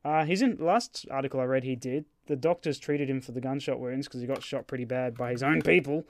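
A man's voice: mid-range voice, fairly quick. A man hosting a casual podcast chat, rambling and joking as he restarts his sentences. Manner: rambling, jokey, trails off and restarts. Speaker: podcast host.

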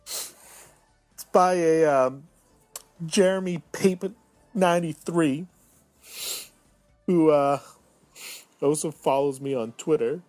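Hosting his own podcast, a man in his thirties theatrically exaggerates his moods, swinging between mumbled self-pity and indignant outbursts. He speaks slowly with long pauses, in a fairly high but darkish voice, with no echo and soft background music.

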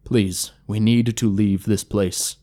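A man's voice: on the low side, steady tone, slow, dark tone. A man voicing a formal, earnest male elf scout in a fantasy storybook reading. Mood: solemn, urgent.

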